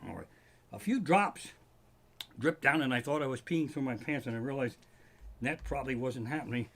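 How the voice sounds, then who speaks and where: Animated, profane man ranting. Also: mid-range voice, moderate pace. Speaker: comedian hosting a livestream. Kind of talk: stand-up style rant. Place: living room.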